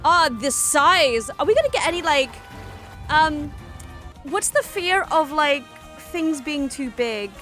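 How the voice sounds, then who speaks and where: High, lively, excitable woman reacting. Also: slow pace, faint music behind. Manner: bursts into excited shouts and squeals. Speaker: reaction video host.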